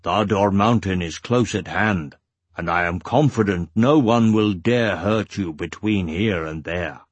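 Guy doing a big monster warrior, super deep, slow and grave, husky. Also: no echo. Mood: solemn. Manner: slow, solemn, formal speech. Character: bulky male monster warrior, grave and formal.

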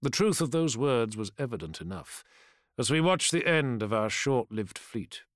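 A man narrating a first-person fantasy audiobook in a measured, grave storytelling voice. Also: mid-range voice, sing-song, dry recording, studio quality.

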